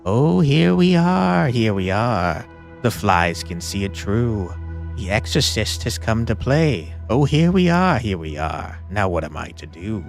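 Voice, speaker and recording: A man's voice: lowish voice, very animated, a little slow, gravelly, faint music behind, heavily acted. A man voicing a sing-song male demon that has possessed a young man, taunting in a lilting voice.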